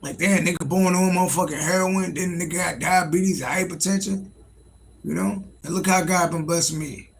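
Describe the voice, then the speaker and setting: Gravelly-voiced man chatting loosely on a livestream. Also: high voice, steady tone, normal speed, a little hiss or hum, low-quality recording. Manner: loose, profane, joking, talks to chat. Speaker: livestream host, tarot reader. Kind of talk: casual livestream chat.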